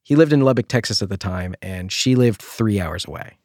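A man's voice: lowish voice, fairly quick, a little mellow, dry recording, studio quality. A man co-hosting a podcast, chatting and narrating a story in a playful, jokey way. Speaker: podcast host. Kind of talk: casual chat and narration.

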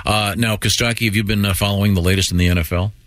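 A man's voice: fairly low pitch, steady tone, very fast, fairly bright tone, dry recording, studio quality. A middle-aged man hosting, rambling through hesitant remarks full of fillers in casual banter. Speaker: radio show host.

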